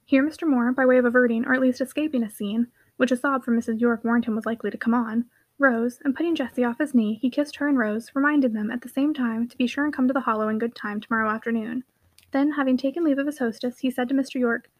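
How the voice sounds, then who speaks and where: A woman reading a classic novel aloud as audiobook narrator in a clear, even storytelling voice. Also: on the high side, fast, dry recording.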